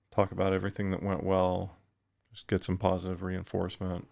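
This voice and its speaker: A middle-aged man, a retired firefighter, talking thoughtfully in a podcast interview, pausing and restarting often. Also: low-pitched, completely flat delivery, creaky. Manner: thoughtful, halting with frequent restarts.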